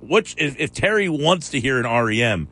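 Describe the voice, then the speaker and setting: A man's voice: mid-range voice, sing-song, pushed and bright. A man hosting a sports radio show, chatting casually and challenging his co-host's claims. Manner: argumentative, quick to challenge.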